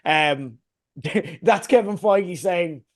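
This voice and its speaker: Higher-voiced man hosting a podcast. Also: extremely slow. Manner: laughs often, steers the talk with questions. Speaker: podcast host. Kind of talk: casual chat.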